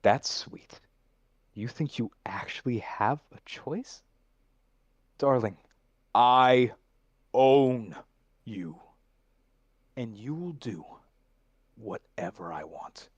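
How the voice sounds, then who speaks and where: A man voicing a condescending male villain boss in a voice acting session, speaking slowly with quiet, possessive menace. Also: mid-range voice, expressive, breathy edge, no echo, heavily acted. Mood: menacing.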